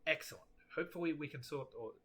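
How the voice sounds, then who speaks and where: A man's voice: on the high side, fast talker, a bit bright, slightly rough. A man voicing a polite, earnest husband who pleads and frets.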